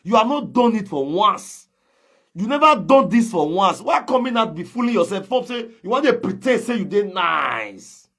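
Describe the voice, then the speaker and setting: A man's voice: high-pitched, big pitch swings, moderate pace, fairly bright tone, slightly rough. A man with a Nigerian Pidgin English accent, confronting someone in a heated gossip commentary. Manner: confrontational, calls out and challenges directly. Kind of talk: ranting social media commentary.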